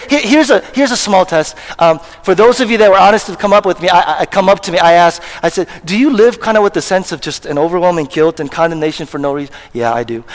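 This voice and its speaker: High-voiced pastor preaching in a reverberant hall. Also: male voice. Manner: conversational, emphatic, asks congregation questions. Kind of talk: sermon. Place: church hall with congregation. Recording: long reverb of a church hall.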